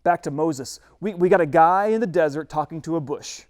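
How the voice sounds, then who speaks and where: A man's voice: on the high side, brisk, darkish tone. A male pastor preaching a sermon in a humorous, conversational way.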